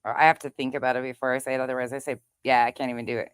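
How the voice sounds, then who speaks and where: A woman's voice: extremely low pitch, flat delivery, very fast, smooth, dry recording, studio quality. A woman from North Dakota with a slight North Dakota accent, hosting a casual livestream chat and chiming in playfully.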